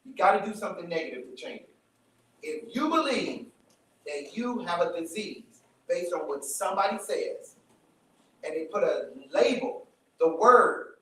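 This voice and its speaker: Man lecturer, high-pitched, punchy and repetitive, live room sound with heavy echo. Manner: emphatic, repeats points, checks in with the crowd. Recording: very echoey room, mic from far off.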